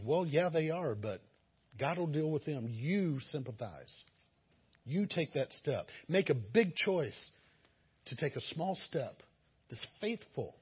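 A man's voice: a little high, very animated, slow pace, husky, muffled recording. A man preaching a sermon, earnest and exhorting, sometimes acting out the voices of listeners. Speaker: pastor.

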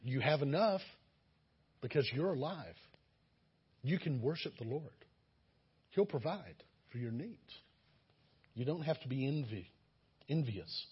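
A man's voice: medium pitch, very animated, a little slow, long pauses, slightly rough, lo-fi sound. A man preaching a sermon, earnest and exhorting, sometimes acting out the voices of listeners. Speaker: pastor.

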